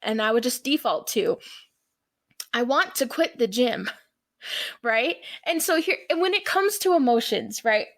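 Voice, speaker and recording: A woman's voice: a little high, expressive, a little slow. A woman co-hosting a podcast in casual chat, retelling scenes and acting out the quotes. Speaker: podcast co-host.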